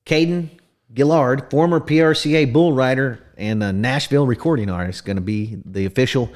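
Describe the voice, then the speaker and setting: A man's voice: mid-range voice, fairly quick, a little mellow. A man hosting a podcast in casual chat, folksy and rambling in how he talks. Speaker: podcast host.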